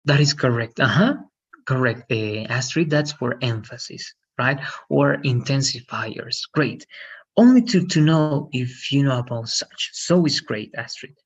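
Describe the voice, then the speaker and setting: Patient slow-talking male English teacher. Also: mid-range voice, slightly rough, lo-fi sound. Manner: patient, repeats "right?" often. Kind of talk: online English lesson.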